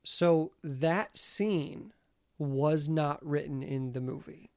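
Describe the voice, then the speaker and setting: A woman's voice: sits low, takes it slowly, a little mellow, no room sound, clean studio sound. A woman co-hosting a film podcast, telling stories in casual chat and swearing freely. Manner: chatty storyteller, swears freely. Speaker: podcast co-host.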